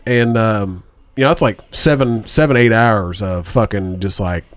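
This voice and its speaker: A man's voice: fairly low pitch, dry recording. A man, a father in his thirties, talking casually and profanely with friends, stopping and restarting a lot. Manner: halting, profane, lots of fillers. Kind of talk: casual chat among friends.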